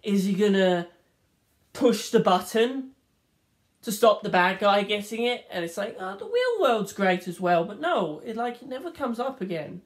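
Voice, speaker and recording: A woman's voice: medium pitch, moderate pace. Swearing, rambling woman reviewer. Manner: animated, swears freely, acts out scenes. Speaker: film reviewer. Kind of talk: rambling casual monologue.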